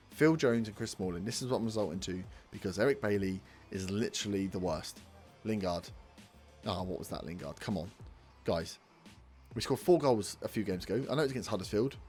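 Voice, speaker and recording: A young man commentating his football management game, scolding his players and swearing in frustration. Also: lowish voice. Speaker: let's play host. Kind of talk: gaming commentary.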